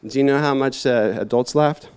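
A man's voice: medium pitch, normal speed, a little mellow, clear, resonant tone. Man in a mid register, preaching loosely to young people, meandering and self-deprecating. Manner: rambling and self-mocking, lots of fillers. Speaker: youth church speaker. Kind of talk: casual sermon talk.

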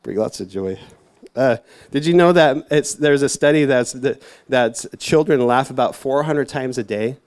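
A man's voice: mid-range voice, normal speed, hardly any pauses, darkish tone. Man in a mid register, preaching loosely to young people, meandering and self-deprecating. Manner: rambling and self-mocking, lots of fillers. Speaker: youth church speaker. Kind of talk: casual sermon talk.

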